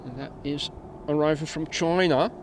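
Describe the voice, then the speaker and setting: A man's voice: on the high side, moderate pace, noisy background. A man hosting a live airport stream, calling out arriving planes and chatting with viewers. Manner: informative, chatty, chuckles while reading viewer messages. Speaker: livestream host commenting on plane arrivals. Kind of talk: live spotting commentary. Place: outdoors by an airport runway. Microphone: outdoor mic near the camera.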